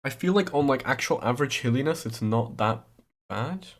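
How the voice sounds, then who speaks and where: A man's voice: medium pitch, expressive, moderate pace. A man chatting casually on a podcast, playful and rambling, teasing his co-host. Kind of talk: casual chat.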